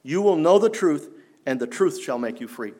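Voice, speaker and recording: A man preaching a sermon in an earnest, challenging way, rising for emphasis and dropping low. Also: expressive, normal speed, a little mellow. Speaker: pastor.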